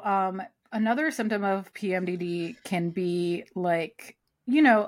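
A woman co-hosting a podcast, talking casually with many fillers and "like"s. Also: fairly low pitch. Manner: chatty, lots of fillers and "like". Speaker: podcast co-host. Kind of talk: casual chat.

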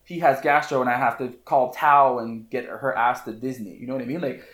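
A man, a hairstylist guest on a podcast, telling a story in an animated, casual way, full of fillers and repeated phrases. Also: mid-range voice, brisk. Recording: roomy echo.

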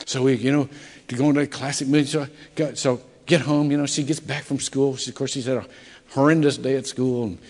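A middle-aged male pastor preaching a sermon in a conversational, storytelling way, his voice swinging between soft and loud. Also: medium pitch, fairly even intonation, quick pace. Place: church sanctuary. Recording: echoey church hall.

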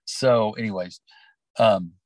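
A man's voice: fairly low pitch, steady tone, slow, dry recording, poor audio. A middle-aged man from Oklahoma, a teacher and sports coach, telling personal stories in an interview in an earnest, heartfelt, rambling way. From Oklahoma, USA.

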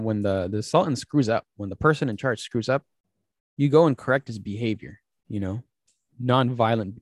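A man's voice: mid-range voice, dry recording. Guy on a podcast telling a story, lots of um and uh, dry close mic, acts out the quotes. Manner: many fillers and restarts. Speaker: podcast host. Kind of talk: casual podcast conversation.

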